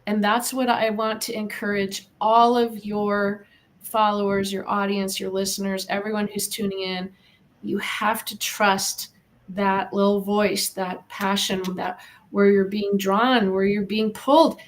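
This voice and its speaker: This clip features an American animal communicator, a middle-aged woman, talking casually as an interview guest. She recounts her experiences earnestly and encouragingly, her mid-range voice steady and level at a measured pace, with a slight hiss or hum on the recording.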